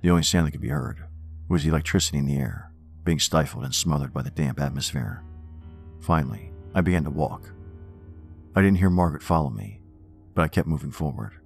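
Man, very deep voice, gravelly, horror story narration, measured and wry, faint music underneath. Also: expressive.

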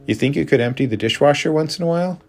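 A frustrated wife pleads with her husband, voiced by a man lifting his pitch. She sounds insistent and worn out, with a gravelly edge to the voice. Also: fast. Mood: exasperated. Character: frustrated American wife, adult woman.

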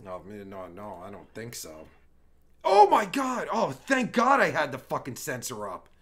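A man's voice: mid-range voice, wildly swooping pitch, moderate pace, a bit bright. A male livestream host giving crude, profane, rambling commentary while chatting with strangers online.

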